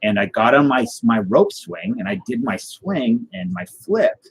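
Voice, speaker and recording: A man telling a tall tale in a rambling, deadpan way, with many fillers and restarts. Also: on the high side, measured pace, vocal fry, breathy edge, poor audio. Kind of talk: casual tall-tale storytelling.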